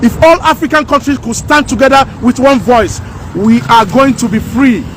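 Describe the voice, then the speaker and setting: A woman's voice: fairly high pitch, normal speed, a little hiss or hum. A woman gives an impassioned opinion vlog outdoors, preachy and fiery, repeating her lines for emphasis. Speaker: vlogger. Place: outdoors by houses.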